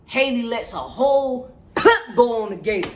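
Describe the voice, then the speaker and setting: Reviewer with a mid-pitched voice, slangy and animated plot recap, roomy echo. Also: normal speed, slight background noise. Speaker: movie reviewer.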